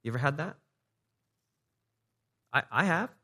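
A man's voice: a little high, animated, unhurried, pushed and bright, husky, big-room sound. A man preaching a sermon as a pastor, talking conversationally, asking the audience rhetorical questions and repeating words as he restarts.

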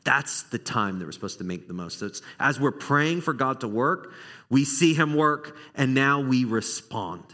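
A man preaching a sermon to his church, conversational and animated, now and then acting out little exchanges between people. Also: mid-range voice, moderate pace. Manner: animated, conversational, acts out small dialogues. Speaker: pastor. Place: church sanctuary.

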